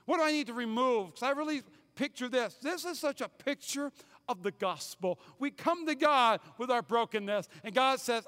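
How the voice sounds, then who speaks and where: A man preaching a sermon as pastor, emphatic, repeating key phrases and swinging from loud to hushed. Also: very high-pitched, expressive, moderate pace, clean tone. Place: church sanctuary. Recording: hall reverb, church sanctuary.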